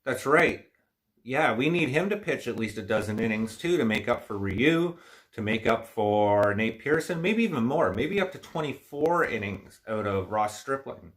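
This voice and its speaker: A livestream host chats casually in a mid-range voice at a moderate pace, sounding animated. He rambles, voices strong opinions, and seems frustrated, and allergies have left his nose stuffy.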